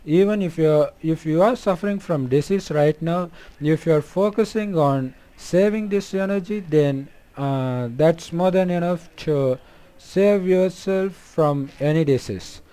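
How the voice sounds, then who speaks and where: A man speaking as a spiritual healer, explaining and demonstrating in a halting way full of ums and uhs. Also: fairly high pitch, smooth. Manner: halting, with frequent um and uh; softly spoken.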